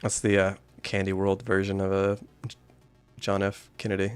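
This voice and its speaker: A man's voice: low voice, monotone, moderate pace, clean tone, faint music behind. A man streaming a horror game, joking with chat and reading story text aloud. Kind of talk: gameplay commentary and story reading.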